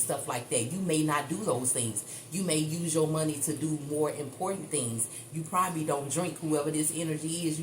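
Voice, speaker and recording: A woman giving a chatty, blunt tarot reading, swearing freely and calling her listeners baby and honey. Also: deep voice. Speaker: tarot reader. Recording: echoey room with faint ambient noise.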